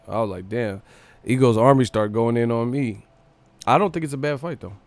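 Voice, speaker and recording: A man's voice: medium pitch, normal speed. Young male stream host, Northern California street accent, casual and jokey, mid-range voice. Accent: Northern California, Sacramento. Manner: loose and joking, reads chat aloud, laughs often, slangy. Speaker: host of a live boxing stream. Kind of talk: casual live-stream chat.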